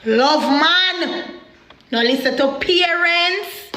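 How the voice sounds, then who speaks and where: Jamaican woman, young adult, heated storytelling, high voice, roomy echo. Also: drawn-out words. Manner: animated, heated, in patois. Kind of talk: emotional personal storytelling.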